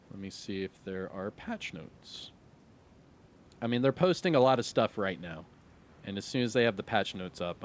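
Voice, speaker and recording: A man's voice: low voice, slight background noise. A middle-aged man streaming live, chatting casually and reading viewer questions, laid-back and rambling with lots of fillers.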